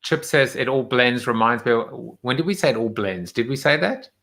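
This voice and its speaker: Male host, bright tone, loose rambling delivery full of fillers and restarts. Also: mid-range voice, expressive, normal speed. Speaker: show host. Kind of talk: casual live-stream chat.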